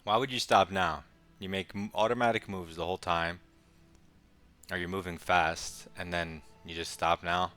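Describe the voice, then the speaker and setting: Brief: young man, very low bright voice, casual muttered game commentary, light music behind. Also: steady tone. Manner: quick, muttering play-by-play with wry asides. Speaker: chess streamer.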